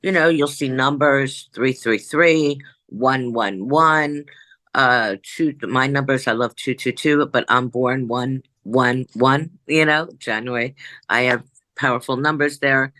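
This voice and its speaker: A woman, a psychic medium, telling a story in an interview in an animated way, jumping back and forth and acting out what people said. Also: very deep voice, measured pace, no room sound, rough recording. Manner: animated, jumps back and forth, acts out quoted dialogue.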